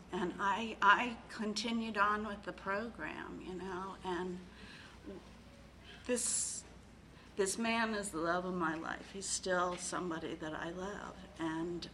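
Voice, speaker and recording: Slow-talking emotional woman sharing in recovery. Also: medium pitch, sharp tone, a little hiss or hum, rough recording. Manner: halting, full of fillers and repeated phrases; emotional, tearful at times. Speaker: recovery meeting speaker. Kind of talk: personal share at a recovery meeting.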